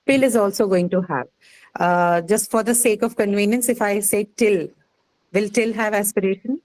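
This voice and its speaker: A woman with an Indian English accent teaches a phonetics class. She explains rules step by step, pauses to quiz her students, and keeps checking in with "right?" and "okay.". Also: medium pitch, steady tone, a little mellow, poor audio. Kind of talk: classroom lecture.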